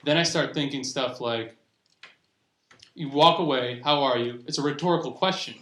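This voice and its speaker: A man's voice: mid-range voice, normal speed, a bit bright. A young man performing a stand-up comedy set at a live show, rambling and restarting his sentences as he goes. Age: young adult. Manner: rambling, self-interrupting delivery with restarts. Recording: roomy live recording with faint noise. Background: audience laughter.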